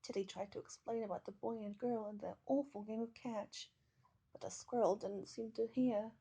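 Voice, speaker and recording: A woman reads a children's picture book aloud in a gentle, measured way. Her voice sits a bit high but sounds mellow and husky, with a gravelly edge. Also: fairly even intonation. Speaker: storybook reader.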